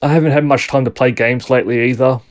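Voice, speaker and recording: A man's voice: mid-range voice, fairly even intonation, fast. A man co-hosting a casual podcast over a video call, talking in an easygoing, chatty way. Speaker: podcast co-host. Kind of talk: casual chat.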